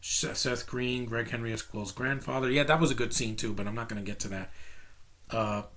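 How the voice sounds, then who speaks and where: A man's voice: mid-range voice, fairly even intonation, fairly quick, a bit bright. Guy ranting about a movie he half liked, blunt and rambly, normal mid voice. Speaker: movie reviewer. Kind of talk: casual spoken film review.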